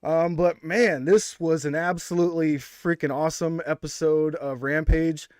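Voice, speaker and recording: A man's voice: fairly high pitch, fairly even intonation, normal speed, darkish tone, clean tone, no room sound, clean studio sound. A man hosting a wrestling review podcast, upbeat and hyped, with lots of fillers. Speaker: podcast host. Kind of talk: casual wrestling podcast chat.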